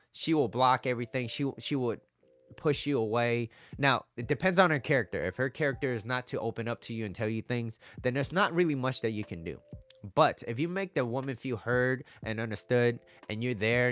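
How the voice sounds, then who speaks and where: A man's voice: mid-range voice, fairly bright tone. A man talking casually as a dating coach, coaxing and conversational, often repeating himself. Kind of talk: casual advice talk to camera.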